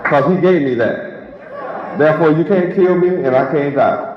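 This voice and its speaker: In a large hall before a congregation, a man with a slightly high voice preaches a sermon at a measured pace, emphatic and repetitive and full of rhetorical questions. The lo-fi recording echoes, with crowd sound.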